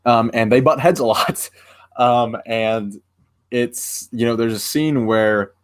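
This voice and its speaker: A young man talks casually to his stream audience. He rambles, trails off into fillers and restarts his sentences as he explains things. His voice sits at an ordinary middle pitch. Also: takes it slowly, smooth. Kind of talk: casual livestream chat.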